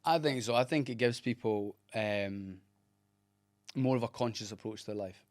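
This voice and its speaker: A man's voice: lowish voice, normal speed, no echo. A man in his thirties, an actor guest in casual chat, telling stories animatedly and laughing often.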